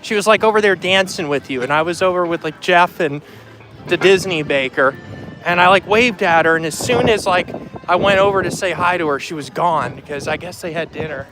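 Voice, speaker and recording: A man's voice: high voice, brisk, over music. A man hosting a casual live vlog outdoors in a theme park. He chats freely on a handheld phone and greets viewers by name as he walks. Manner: chatty, greets viewers by name while walking. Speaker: livestream host.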